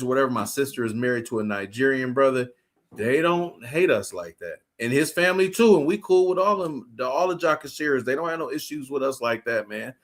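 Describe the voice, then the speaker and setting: A man co-hosting a live talk show, speaking casually with street slang and profanity. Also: medium pitch. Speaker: co-host.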